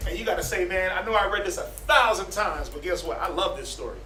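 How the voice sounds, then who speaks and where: A man teaching a casual Bible class, who acts out the everyday voices he quotes and speaks with lively energy. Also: high-pitched, fast talker, a little hiss or hum. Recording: echoey room from far off.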